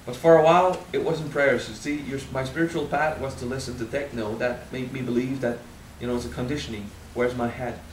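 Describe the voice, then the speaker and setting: A man in his thirties with a French accent, speaking at a spiritual seminar, frank and animated, swearing casually and drawing out key words. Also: medium pitch, brisk, hardly any pauses, echoey room, far from the mic, slight background noise, poor audio. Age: 30s. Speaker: spiritual teacher. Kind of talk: seminar talk.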